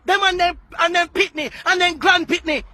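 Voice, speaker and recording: Fiery high-voiced Jamaican man ranting. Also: fairly even intonation, normal speed, dry recording. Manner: fiery, often shouting, repeats words for emphasis. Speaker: political activist. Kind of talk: impassioned political rant.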